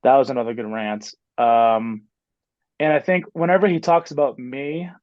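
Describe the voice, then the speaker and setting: A man's voice: mid-range voice, fairly even intonation, normal speed, dry recording, highs cut off. A man in his twenties, a basketball coach, chatting casually as a podcast guest and rambling with many fillers and restarts. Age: 20s. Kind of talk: casual interview chat.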